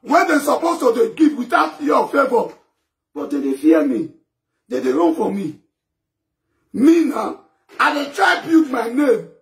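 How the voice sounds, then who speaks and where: A man with a Nigerian Pidgin accent ranting emphatically to camera, often breaking into shouts. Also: very high voice, sing-song, a little slow, vocal fry, long pauses. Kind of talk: impassioned rant to camera.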